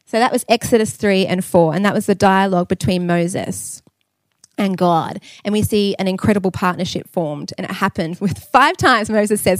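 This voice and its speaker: A woman's voice: medium pitch, normal speed, dry recording. An Australian woman in her thirties preaching a sermon, telling personal stories candidly and with humor. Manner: candid, humorous storytelling with laughs.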